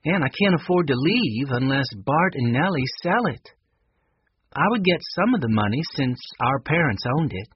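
Brief: man doing a friendly clumsy woman, lively swings in pitch, lo-fi. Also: moderate pace, breathy edge, no echo. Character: friendly clumsy grown woman, a country singer. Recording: dull lo-fi recording.

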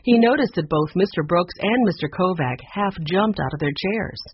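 A husky man narrating a children's chapter book, with a fairly high voice and lively, animated pitch. The storytelling is expressive and steady. The recording sounds dull and muffled. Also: moderate pace, a little hiss or hum. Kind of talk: audiobook narration.

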